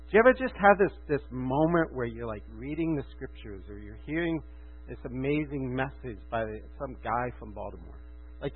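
A fervent male preacher with a high, husky voice who swings between hushed asides and loud, emphatic declarations. The sound is thin and phone-like, with a mains hum underneath. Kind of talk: sermon.

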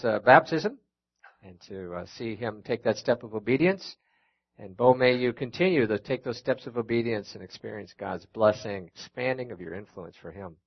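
A man's voice: medium pitch, highs cut off. A middle-aged man with a Minnesota accent, speaking as a guest preacher in a church, telling personal stories with folksy, self-deprecating humor. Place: church sanctuary.

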